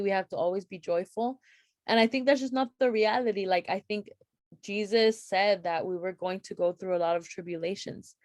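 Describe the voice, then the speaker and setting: A woman's voice: mid-range voice, a little mellow, dry recording. A young woman leading a youth Bible study in a casual, earnest way, with many "like" fillers and restarts.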